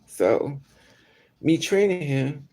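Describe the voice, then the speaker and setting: A man's voice: fairly high pitch, very animated, extremely slow, warm tone. A man chatting candidly with his livestream viewers, telling a personal story and answering comments. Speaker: vlogger.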